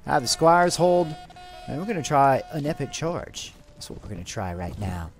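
A man's voice: mid-range voice, moderate pace, long pauses, over music. A man hosting a let's play, commenting on his game with light roleplay and giving orders to his troops. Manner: animated, excitable, gives orders to troops. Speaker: gaming channel host.

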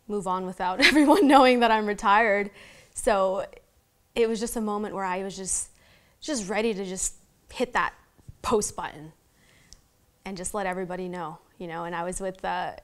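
A young woman with a Southern Californian accent, talking about her retirement in a sit-down interview, halting often and restarting her sentences. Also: mid-range voice. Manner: halting, many restarts and fillers. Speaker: interview guest, retired boxer.

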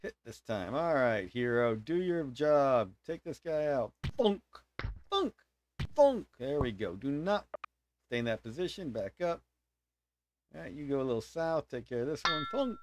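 A man's voice: mid-range voice, expressive, normal speed, slight background noise. A man casually commentating a strategy game as he plays, explaining his moves and voicing playful sound effects for attacks. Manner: thinks aloud while explaining strategy. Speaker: game streamer.

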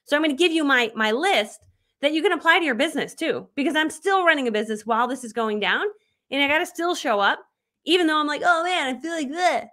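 A woman's voice: high voice, expressive, quick pace, a bit bright. A woman in her thirties, a business coach talking casually on a live video, bubbly and chatty with frequent laughs.

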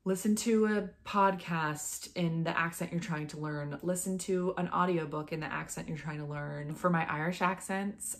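Chatty woman vlogger, casual to-camera talk, lower pitch, filler-heavy. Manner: chatty, lots of "like" and "um". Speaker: actor and accent mimic.

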